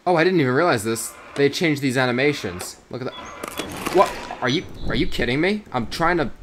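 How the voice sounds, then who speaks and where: A man's voice: mid-range voice, lively intonation, normal speed, a bit bright, slight background noise. A man from South Jersey giving casual, rambling gameplay commentary as a YouTuber, swearing often and saying "you know" constantly. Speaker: gaming YouTuber.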